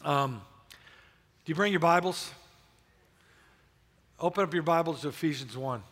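An older pastor preaches a sermon in a large church, sharing his personal testimony candidly and restarting often. His voice is on the high side and fairly bright, at a moderate pace, with long church-hall reverb.

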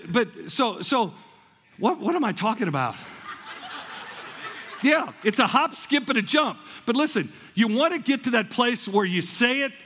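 A man preaching a lively sermon, telling stories and acting them out, often repeating words as he goes. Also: extremely high pitch. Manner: animated storytelling, repeats words, acts out with congregation. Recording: long hall reverb, large room.

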